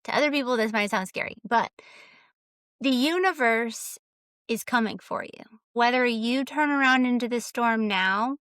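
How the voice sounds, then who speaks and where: A woman's voice: fairly high pitch, normal speed, fairly bright tone, clear, resonant tone, dry recording, studio quality. A woman talking as a guest coach on a podcast, earnest and emphatic, stacking repeated phrases as she makes her point. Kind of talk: casual podcast conversation.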